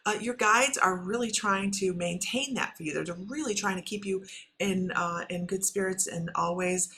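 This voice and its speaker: Lady host doing psychic readings on a live stream, gravelly bright voice, chatty, lots of ums. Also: fairly low pitch, moderate pace, slight background noise. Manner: chatty, filler-heavy, rising excitement when addressing viewers.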